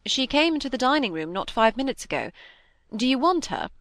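A woman reading aloud, voicing a tired, plaintive young gentleman with mild gallantry. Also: sits high, big pitch swings, fairly quick, voice pushed up.

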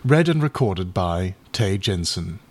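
A man reading a classic short story aloud as an audiobook narrator, in a measured, even storytelling manner. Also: deep voice. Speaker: audiobook reader. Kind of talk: scripted narration.

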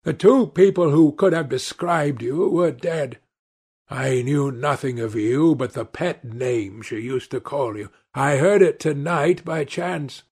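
Male narrator as a menacing sailor in an audiobook, slow, emphatic, somewhat high voice. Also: a little mellow, breathy edge, exaggerated voice. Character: vengeful rough sailor brother, threatening, grim.

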